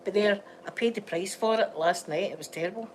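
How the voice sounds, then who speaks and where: A Scottish woman rambles through homely stories in a relaxed vlog chat, often breaking into laughter. Her voice sits at a middling pitch, with a faint ambient hum in the background. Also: brisk, poor audio. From Scotland. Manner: chatty, storytelling, laughs often. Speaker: vlogger. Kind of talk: casual rambling chat to viewers. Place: at home by a window.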